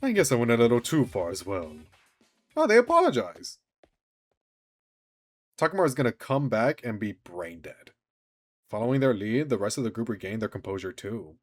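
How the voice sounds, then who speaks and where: A male streamer plays through a visual novel and reads every character aloud, his pitch swinging widely as he jumps between roles and his own reactions, with animated asides and laughter. He keeps a moderate pace with frequent pauses, and faint game music plays underneath.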